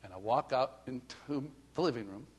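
A middle-aged man preaching a sermon, acting out little scenes and swinging from soft asides to loud calls. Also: mid-range voice, normal speed, slightly rough. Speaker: pastor.

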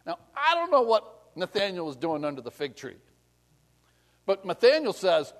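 A man's voice: sits high, very animated, normal speed. A man preaching a sermon in a conversational way, acting out scripture scenes in different voices. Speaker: pastor.

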